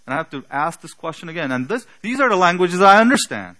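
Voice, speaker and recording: A male pastor preaching a sermon. He speaks slowly and deliberately with a slight non-native accent and poses emphatic rhetorical questions. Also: a little high, lively intonation, bright, forceful tone, poor audio.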